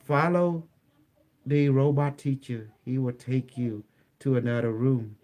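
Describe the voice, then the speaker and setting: A man quoting a gentle ancient holy man. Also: mid-range voice, steady tone, measured pace, lightly acted. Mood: reassuring. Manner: gentle, reassuring.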